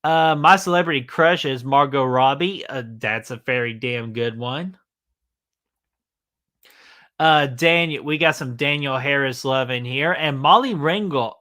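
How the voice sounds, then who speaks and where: A man with a bright, forceful voice hosts a loose live stream. He jokes, swears freely and fills his talk with "uh" and "let's see here" as he reads comments. His pitch sits in the middle for a man. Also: unhurried. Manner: loose, joking, swears freely, many fillers. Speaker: livestream host. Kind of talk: casual live-stream chat reading comments.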